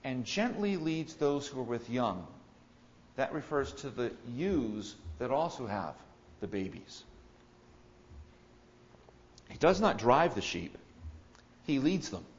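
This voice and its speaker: A man preaching an expository sermon, moving from soft, thoughtful explanation to loud, ringing proclamation. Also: mid-range voice, big pitch swings, slow, long pauses, lo-fi sound. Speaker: pastor.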